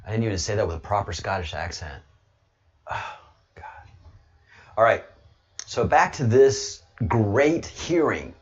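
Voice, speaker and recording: A man talking casually on his livestream, rambling and now and then breaking into loud, excited bursts. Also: fairly low pitch, measured pace, long pauses, breathy edge, muffled recording. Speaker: livestreamer, political commentator.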